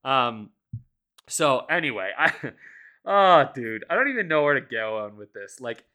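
Swearing-heavy ranty podcaster, bright voice, swings up and down a lot, laughs mid-sentence. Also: mid-range voice, a little slow. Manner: profane, animated ranting; frequent laughter while talking. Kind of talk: casual chat.

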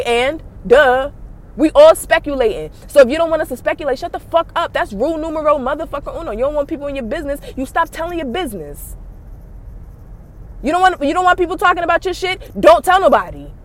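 A woman podcast host, ranting bluntly and profanely in animated commentary. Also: sits high, fairly quick.

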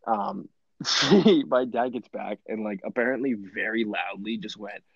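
A young man telling stories in a rambling podcast chat, animated and full of fillers and laughs. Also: fairly low pitch, measured pace, husky, no echo, dull audio. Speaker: podcast host. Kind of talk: casual storytelling chat.

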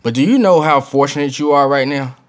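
A man's voice: medium pitch, brisk. A man co-hosting a sports talk show, earnest, laying out his argument step by step. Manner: earnest, lays points out step by step. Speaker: podcast co-host. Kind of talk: sports commentary chat.

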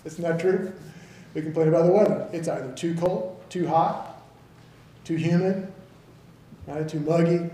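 Male pastor, 30s, from the South; chatty sermon delivery, high and warm, roomy church sound. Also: measured pace, pauses often. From American South. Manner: conversational, asks the congregation "right?" often.

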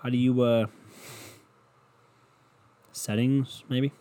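A man's voice: mid-range voice, flat delivery, slow, warm tone. A young man hosting a solo podcast, ranting in a rambling, sarcastic and profane way. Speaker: podcast host. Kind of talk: casual solo podcast rant.

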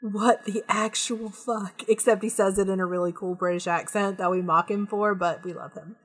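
A woman's voice: fairly low pitch, fairly quick. A woman co-hosting a podcast, ranting about a movie in casual chat and swearing freely. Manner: animated, profane ranting. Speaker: podcast co-host.

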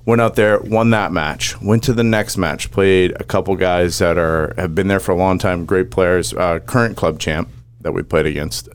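Low-voiced man telling a golf story. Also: slight background noise. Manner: animated storyteller, rapid play-by-play recounting. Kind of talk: casual chat.

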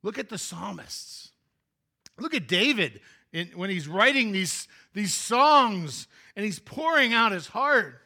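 A man's voice: high voice, big pitch swings, takes it slowly, gravelly, pushed and bright. A male pastor giving a chatty, interactive sermon in a church sanctuary, joking with the congregation and often restarting his sentences.

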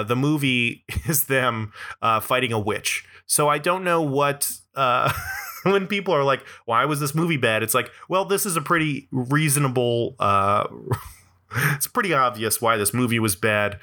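Bright-voiced man ranting casually. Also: medium pitch. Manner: rambling, profane, full of "like" and "uh", laughs often. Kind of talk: casual comedic monologue.

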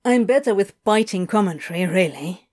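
A sardonic loner drawls curt, dry replies, as a woman voices him. His voice is fairly loud and lively, with a low, mumbled trail at the end of each line. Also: normal speed, close to an everyday voice. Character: sardonic, aloof young-ish man.

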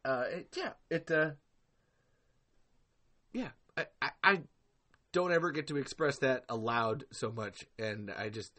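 A man's voice: medium pitch, measured pace, pauses often, bright, forceful tone. A man hosting a live podcast in casual chat, rambling and profane, laughing often. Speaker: podcast host.

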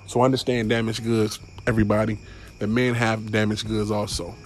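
A man's voice: on the low side, level tone, normal speed, slight background noise. A young man hosting a casual solo podcast, rambling and stumbling over his words with frequent swearing. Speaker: podcast host.

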